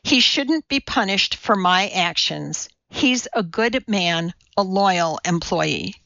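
A woman voicing a steady, composed female chemist who speaks calmly and matter-of-factly. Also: medium pitch, slow pace, creaky, no room sound, highs cut off, exaggerated voice. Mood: firm. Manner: calm, steady, matter-of-fact.

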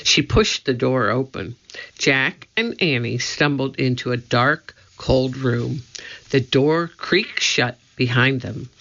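A man reading a children's story aloud in a steady, scripted narration. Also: mid-range voice, slow, vocal fry. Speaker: audiobook narrator. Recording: slightly dull lo-fi audio.

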